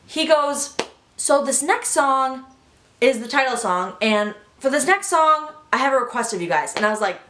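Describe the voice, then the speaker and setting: A young woman telling a story in a casual vlog, gushing and excitable, full of "like". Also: high voice, moderate pace, slight background noise. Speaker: vlogger. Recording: echoey room.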